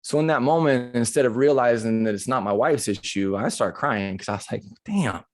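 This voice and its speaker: A middle-aged man delivers a motivational talk at a live retreat session, speaking a little fast at an ordinary middle pitch. His personal story comes with animated, conversational energy that keeps turning emotional.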